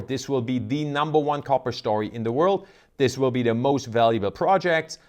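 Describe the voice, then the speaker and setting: A man hosting an investment video, talking casually and emphatically, often tagging on rhetorical "right?" questions. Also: mid-range voice. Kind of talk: casual market commentary to camera.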